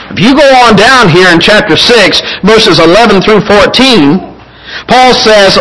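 A man delivering a sermon in a high, bright voice. He speaks in a measured, emphatic way, slowing down to drive home each point, and his tone has a forceful edge. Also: poor audio. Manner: measured, emphatic, slows on key phrases. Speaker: preacher.

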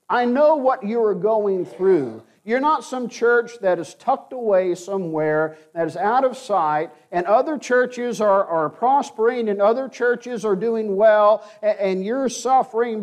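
A man with a high-pitched, darkish voice preaches a sermon, earnest and emphatic, slowing down to stress key phrases.

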